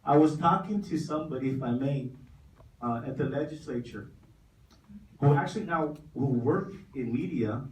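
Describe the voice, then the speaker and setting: A man's voice: medium pitch, a little mellow, slight background noise. A middle-aged man giving an impassioned speech at a community forum, with a preacher-like cadence and lots of repetition. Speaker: community nonprofit leader. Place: large hall at a forum. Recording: echoey room, mic from a distance.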